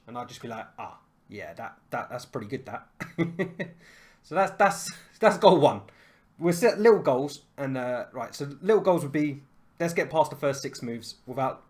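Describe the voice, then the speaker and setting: A young adult man from the United Kingdom, a chess streamer chatting casually to his viewers in an excitable, self-mocking way. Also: fairly high pitch. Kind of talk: casual live-stream chat.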